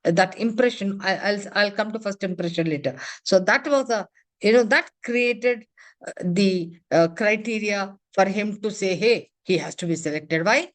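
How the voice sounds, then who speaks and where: A woman corporate trainer leads an interactive classroom lecture, quizzing her class with quick questions and leaning on "you know" and "huh?". Her voice is medium-pitched.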